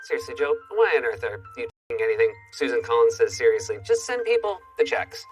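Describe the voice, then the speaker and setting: A man's voice: medium pitch, very animated, a little fast, distant mic, soft background music, poor audio. A man hosting a late-night show, delivering a sarcastic comedy monologue with punchy jokes.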